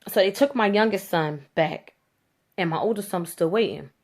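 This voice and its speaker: A woman telling a story to camera in a blunt, animated rant, with slangy speech and free swearing. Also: mid-range voice, normal speed. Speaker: vlogger.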